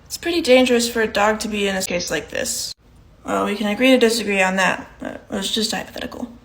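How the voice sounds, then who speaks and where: A woman's voice: mid-range voice, fast talker, a bit bright. A young woman performing short comedy sketches, playing every part herself with a dry, matter-of-fact delivery.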